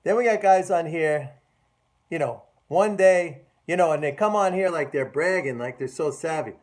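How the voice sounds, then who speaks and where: A middle-aged man with a notably high-pitched voice rants casually and sarcastically about the market at a moderate pace. Sounding like a seasoned trader, he mocks his audience and drives his points home by repeating phrases emphatically.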